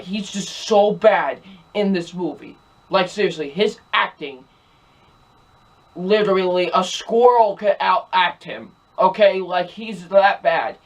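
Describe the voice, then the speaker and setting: A movie reviewer in full rant, exasperated and emphatic. The talk keeps looping back to the same complaints, hammering each point with repetition. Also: mid-range voice. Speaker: film reviewer.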